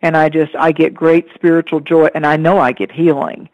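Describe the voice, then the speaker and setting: A woman's voice: low voice, steady tone, moderate pace, dry recording, dull audio. Earnest, rambling female radio host. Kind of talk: casual radio chat.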